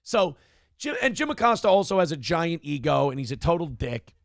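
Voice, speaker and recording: A man's voice: on the high side, big pitch swings, fairly quick, vocal fry, no room sound, clean studio sound. A man hosting a morning show, giving profane, sarcastic commentary on news clips.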